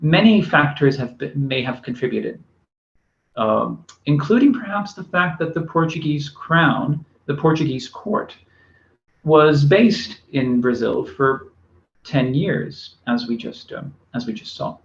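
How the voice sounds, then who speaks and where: A man's voice: on the high side, animated, unhurried, gravelly. Man lecturing with frequent hesitations, echoey. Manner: hesitant, many fillers and restarts. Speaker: university lecturer. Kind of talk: recorded academic lecture. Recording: echoey room, dull lo-fi sound.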